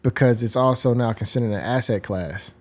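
Guest, man, 40s, articulate and reflective, mid-pitched voice. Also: brisk, slightly rough. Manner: articulate, explains ideas at length. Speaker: guest designer. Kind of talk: reflective interview talk.

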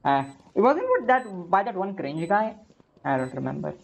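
Lively, excitable woman streamer. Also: medium pitch, moderate pace, vocal fry, slight background noise. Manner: excitable, swears often, bursts out at the game. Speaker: game streamer. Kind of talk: casual live-stream chat while gaming.

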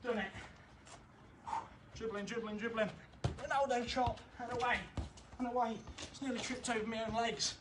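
Breathless, upbeat high-voiced coach. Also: male voice, steady tone, normal speed, long pauses, background noise. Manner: upbeat, encouraging, counts down drills. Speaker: football coach. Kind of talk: home football drill session. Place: garden, outdoors.

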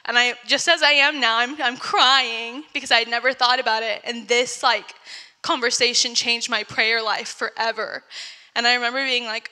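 Bright-voiced young woman giving testimony. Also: fairly high pitch, steady tone, normal speed, big-room sound. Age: young adult. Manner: conversational, fills with "like" often. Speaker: speaker at young adults service. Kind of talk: personal testimony sermon.

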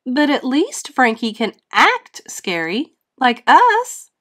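A woman's voice: sits high, huge pitch swings, slow, a bit bright, voice pushed up, heavily acted. A woman voicing a proud, doting monster mother in a storybook, with a sing-song, dramatic delivery.

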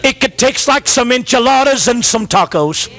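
A middle-aged pastor preaches a sermon with lively intonation, calling out to his congregation. He swings between shouted refrains and low, quick asides.

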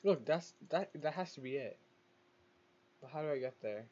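A man's voice: on the high side, animated, moderate pace, mellow, breathy edge, highs cut off. A man giving casual gameplay commentary, chatty, talking back to the game's creatures and laughing now and then. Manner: chatty, talks to the game's mobs, exclaims and laughs.

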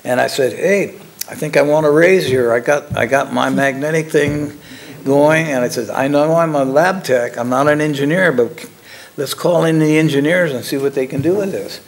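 An older man, a former lab technician, telling his story in a casual, halting way with frequent chuckles. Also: a little high, vocal fry.

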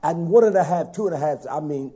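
A man preaching a sermon, swinging from loud emphatic lines down to soft whispers. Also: fairly high pitch, fast talker, slightly rough.

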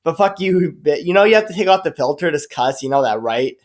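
A man rants on his YouTube vlog, expressive and fairly quick, in a voice that runs a little high. The rant is angry and profane, sarcastic in tone, and keeps stumbling into restarts as he rambles.

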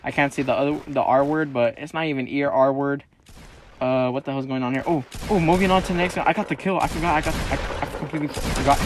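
A man giving casual gameplay commentary to his viewers, excitable and slangy, swinging between mumbled asides and sudden yells. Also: mid-range voice, fairly quick, a little hiss or hum. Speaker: mobile game streamer.

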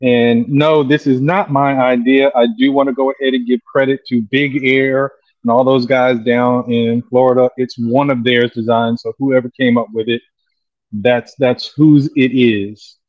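A man working as an airbrush artist, explaining a design slowly and casually while he paints, with many pauses and ums. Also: mid-range voice, little pitch movement, dry recording, dull audio. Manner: slow, easygoing, lots of ums.

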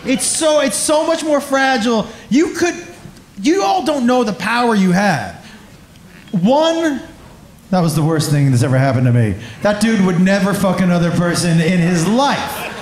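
A man's voice: sits high, very animated, moderate pace, reverberant. A man telling a crude, self-mocking stand-up story on a comedy club stage.

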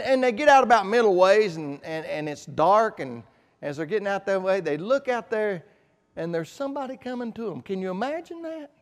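A male pastor preaching a sermon in a church sanctuary, emphatic and repetitive, dropping to quiet asides. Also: high voice. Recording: long church reverb.

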